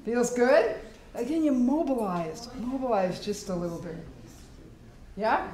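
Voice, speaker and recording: A woman presenting a live workshop in a hospital meeting room, animated and demonstrative, acting out sounds and inner voices as she teaches. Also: a little high, unhurried. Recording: echoey room, faint background noise.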